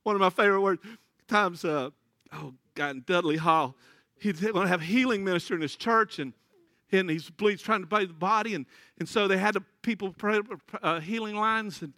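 High, bright-voiced man preaching. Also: moderate pace, dry recording. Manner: folksy, storytelling, laughs often. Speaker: pastor. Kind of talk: sermon.

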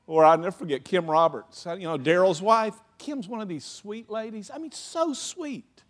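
A man with a fairly high voice preaching to his church in a loose, chatty way. He leans on "you know", acts out little stories with laughter, and keeps the sermon informal. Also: moderate pace. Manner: acts out anecdotes with laughing asides. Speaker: pastor.

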